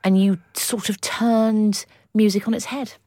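A woman co-hosting a comedy podcast, chatting playfully and teasing with drawn-out emphasis. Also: mid-range voice, little pitch movement, warm tone, no echo, studio quality. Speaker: podcast co-host. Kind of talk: comedic casual chat.

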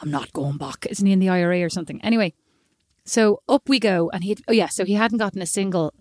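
An Irish woman co-hosts a chatty podcast, racing through her stories at a brisk clip. She is animated and self-mocking, and she slips into little voices when she quotes people. The sound is close and dry, with no room at all. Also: mid-range voice, no echo. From Ireland. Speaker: podcast co-host. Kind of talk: casual storytelling chat.

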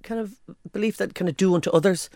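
A man co-hosting a podcast, chatting casually with animated, swearing banter. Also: high-pitched, fast talker, no echo, studio quality. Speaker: podcast co-host. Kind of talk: casual chat.

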